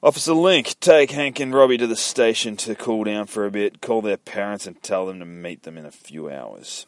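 A man voicing a gruff small-town sheriff who questions things with dry sarcasm, read aloud from a comic. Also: sits low, moderate pace, no room sound. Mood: sarcastic.

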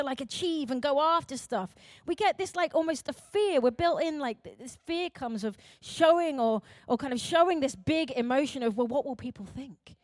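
Young British woman preacher, high voice, dry recording, lively and self-mocking. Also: dry recording. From Britain. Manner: animated and chatty, acting out quotes, laughing at herself. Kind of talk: sermon.

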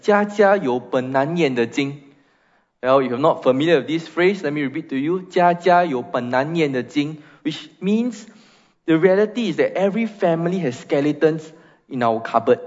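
A man's voice: on the high side, darkish tone. A man preaching a sermon as pastor, emphatic, reading scripture and leading prayer in a church. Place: church sanctuary. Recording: muffled sound in a reverberant church hall.

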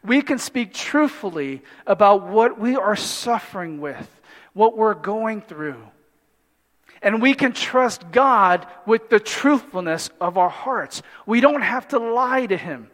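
A man preaching a sermon in an animated way, with humorous asides and acted-out voices from the story. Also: sits high, slow pace. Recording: long hall reverb.

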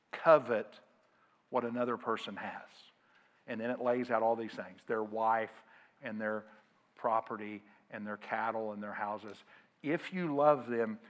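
A male pastor preaching a sermon to his congregation, calling on them to answer aloud and swinging from loud emphasis to quiet asides. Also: medium pitch.

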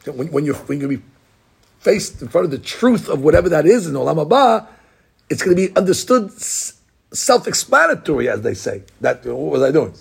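A man's voice: fairly high pitch, big pitch swings, brisk, creaky, breathy edge. A middle-aged man, a rabbi, gives an informal Torah class, talking conversationally with digressions and many restarts.

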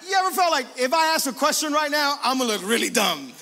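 An energetic male pastor preaches to his congregation, calling out and acting out prayers in his own voice. His voice sits high and sounds sharp and bright. The sound carries a long reverb from a large church hall. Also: fast, vocal fry. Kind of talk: sermon. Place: church sanctuary.

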